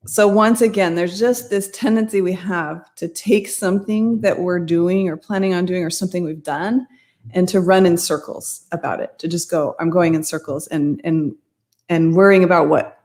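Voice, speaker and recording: Middle-aged woman, casual storytelling talk, rambling and self-correcting, slightly low voice. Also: a little mellow. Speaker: mindset coach.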